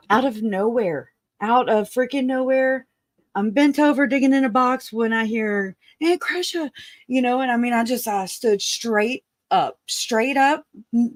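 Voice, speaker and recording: A woman giving an emotional personal account of a family loss, halting and restarting, earnest and raw, with casual swearing. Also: a little high, no room sound, studio quality. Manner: halting, full of restarts and self-corrections. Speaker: grieving relative.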